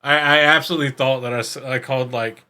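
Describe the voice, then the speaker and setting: Brief: male co-host, bright tone, rambling and thinking aloud. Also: medium pitch, steady tone. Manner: rambling, halting, with many fillers and restarts. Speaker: podcast co-host. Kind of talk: casual chat.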